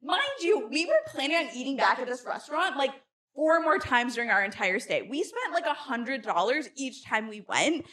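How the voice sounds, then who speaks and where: Young woman, high bright voice that swoops up and down, animated storyteller who acts out quoted people. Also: moderate pace. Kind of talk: animated storytelling, casual chat.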